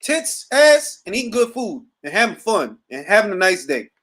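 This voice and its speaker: A man's voice: high-pitched, normal speed. A middle-aged man hosting a boxing talk show, ranting profanely and casually on a livestream from home. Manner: profane, animated, riffing. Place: at home, seated.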